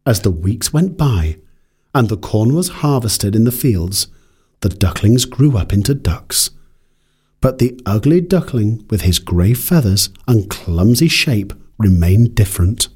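A man reads a classic fairy tale in a husky voice, slow and measured. His tone lifts and falls expressively as he carries the story along. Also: on the low side, expressive, darkish tone. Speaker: narrator.

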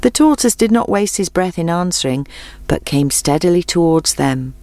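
A woman narrating a children's story in a gentle, measured way. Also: sits low, no echo.

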